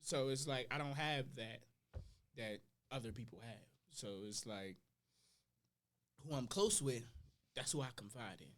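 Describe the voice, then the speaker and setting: A young adult man, a podcast guest, telling personal stories in casual slang, his voice swinging between loud and quiet. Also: medium pitch, expressive, unhurried, long pauses.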